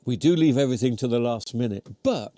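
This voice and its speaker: Here a British live-stream host talks at a quick pace in a medium-pitched, dark-toned voice with lively intonation. He chews, rambles through comments and pokes fun at himself as his voice grows worn, recorded dry on a close mic near his mouth.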